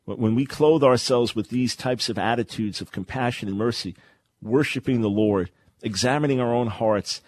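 Emphatic preacher-host with a dry studio sound. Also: male voice, medium pitch, normal speed, dry recording. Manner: emphatic, preacherly, repeats key phrases. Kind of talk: radio Bible teaching.

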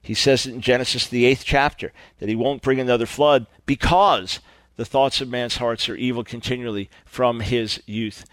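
A man's voice: medium pitch, fairly even intonation, normal speed, a bit bright, dry recording. A middle-aged man preaching earnestly, stressing points with repeated emphatic phrases. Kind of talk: sermon-style radio teaching.

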